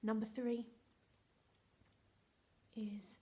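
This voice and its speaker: A woman's voice: on the high side, sing-song, a little slow, long pauses, darkish tone. A woman teaching a recorded phonics lesson to young children, in a sing-song, encouraging way, drawing out each letter sound. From England. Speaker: primary school teacher.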